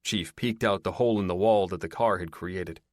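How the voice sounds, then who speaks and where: Lower man, steady audiobook narration. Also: normal speed, no room sound, studio quality. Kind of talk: first-person audiobook narration.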